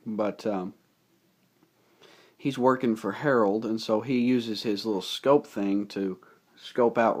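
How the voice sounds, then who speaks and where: A young man with a somewhat low voice talks through a film's plot in a casual, unscripted way. He rambles and gets excited, with plenty of fillers along the way. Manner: enthusiastic, rambling, with many fillers. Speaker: movie reviewer. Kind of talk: casual spoken movie recap.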